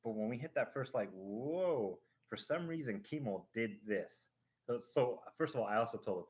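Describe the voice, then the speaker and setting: A live-stream host with a medium-pitched voice recounts a family story at a normal speed. He's animated and rambling, restarting often and throwing in sound effects.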